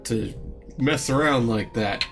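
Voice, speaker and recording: A man's voice: mid-range voice, takes it slowly, a bit bright, soft background music. A man from Texas chatting casually on a stream, laughing often. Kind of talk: casual chat.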